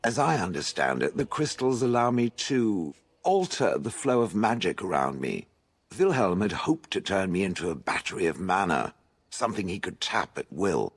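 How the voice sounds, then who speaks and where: An actor playing a haughty, aloof male stone golem in a game, speaking with posh, husky dryness. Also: sits low, sing-song, normal speed, heavily acted. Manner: posh, refers to others as "it". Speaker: game character. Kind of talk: voiced game dialogue.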